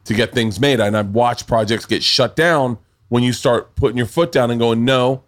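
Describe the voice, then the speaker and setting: A man hosting a podcast in casual chat, rambling and swearing with quick restarts. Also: medium pitch, steady tone. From Southern United States. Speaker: podcast host.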